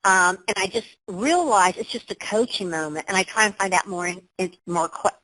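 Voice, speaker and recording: A woman's voice: mid-range voice, moderate pace, pushed and bright, poor audio. Emphatic upbeat woman presenter. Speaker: webinar presenter. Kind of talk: motivational webinar talk. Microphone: computer.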